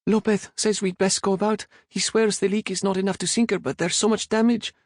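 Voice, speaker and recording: A frightened, stammering cabin boy, his voice pushed high and thin, as a man acts him out. He is a timid lad caught in a sea battle in a storybook read close to the mic, with no room around him. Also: steady tone, normal speed, vocal fry, no room sound.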